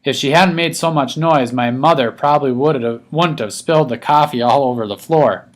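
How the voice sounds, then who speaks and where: A man's voice: mid-range voice, normal speed. Guy reading a kids book aloud, first person, telling it like he's a young boy. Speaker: audiobook reader. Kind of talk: first-person scripted narration.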